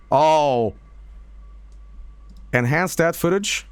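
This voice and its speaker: A man's voice: fairly high pitch, huge pitch swings, extremely slow, dry recording. Dry-sounding man chatting on stream. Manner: laughing, swearing, rambling with fillers. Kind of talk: casual live-stream commentary.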